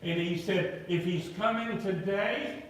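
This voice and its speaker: A man's voice: high-pitched, unhurried. A man preaching at a revival, telling stories and acting out the people in them. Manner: animated storyteller, acting out quoted voices. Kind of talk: revival sermon storytelling. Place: large church sanctuary. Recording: echoey church, voice from far off.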